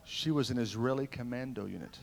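A middle-aged man preaches a revival sermon in a mid-pitched, creaky voice, speaking a little fast. He shares personal stories with animated energy, climbing to loud, ringing lines and then dropping to hushed, intimate asides.

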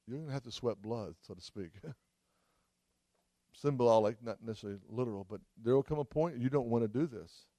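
A traveling preacher delivers a fervent sermon at a church service, crying out hallelujah again and again. His voice is medium-pitched and mellow, his pace moderate, and the recording is dry.

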